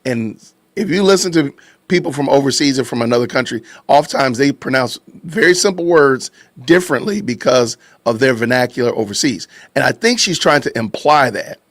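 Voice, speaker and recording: Animated man hosting a live stream. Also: mid-range voice, a little fast, no echo. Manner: animated, reacting to chat, laughing, repeating phrases. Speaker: podcast host. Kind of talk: casual live-stream commentary.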